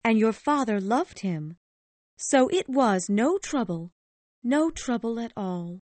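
A woman voicing a gentle, cheerful mother in a grieving family, speaking softly and steadily in a storybook reading. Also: on the high side, expressive, slow pace, no echo. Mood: tender. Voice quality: soft and cheerful.

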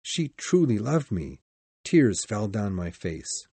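A man's voice: lowish voice, sing-song, slow, warm tone, breathy edge, no echo. A man narrating a first-person storybook in a dramatic, anxious reading style.

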